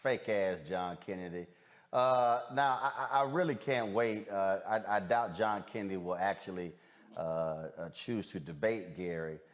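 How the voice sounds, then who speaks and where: A man's voice: deep voice, measured pace. A man hosting a podcast, talking casually with many fillers and restarts as he introduces clips. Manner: hesitant, full of fillers and restarts. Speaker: podcast host. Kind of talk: casual commentary.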